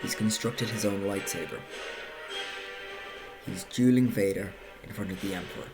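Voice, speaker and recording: A man's voice: deep voice, moderate pace. A man narrating a casual video essay, talking conversationally with self-correcting asides. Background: music.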